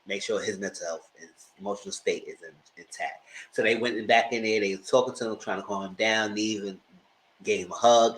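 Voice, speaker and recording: Poor audio with slight hiss or hum carries a man's dramatic, casual rundown of a reality TV episode. He tells it with animation, laughing frequently and squealing out the quotes he acts.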